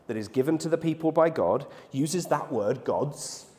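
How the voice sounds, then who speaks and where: A man preaches a sermon, telling a personal story with frequent restarts and repeated words. His voice sits a little high for a man. The sound carries the long reverb of a church hall. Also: animated, moderate pace, a little mellow.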